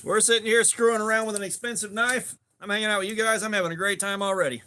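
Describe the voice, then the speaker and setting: Upbeat high-voiced Southern man in his forties. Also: fairly even intonation, quick pace, sharp tone. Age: 40s. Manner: upbeat, swearing, greets viewers by name. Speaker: livestream host. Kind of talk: casual livestream chat. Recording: faint background noise and clicks.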